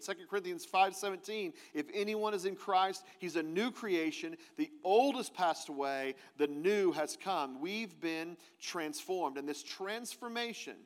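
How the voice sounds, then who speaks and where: A man preaching a sermon to his congregation in a conversational way, asking them questions as he teaches. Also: high-pitched. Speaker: pastor. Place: church sanctuary. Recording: long hall reverb.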